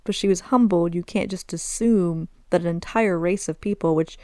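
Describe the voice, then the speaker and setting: A woman's voice: on the low side, moderate pace, dark tone, no room sound. A woman with a Southern American accent talking candidly and self-deprecatingly on her own podcast, slipping in Arabic phrases. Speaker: podcast host. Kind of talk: casual solo podcast storytelling.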